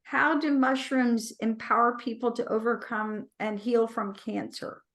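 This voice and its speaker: A woman hosting an interview, asking measured, prompting questions. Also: on the high side, steady tone, fairly bright tone. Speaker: interviewer, medical intuitive healer.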